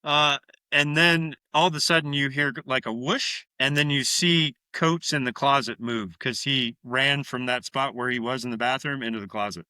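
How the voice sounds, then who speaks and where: A podcast co-host with a mid-range voice speaks at normal speed, retelling a horror film scene by scene in casual, profane chat and acting out the quotes with animated energy. His tone is clean and the recording is dry.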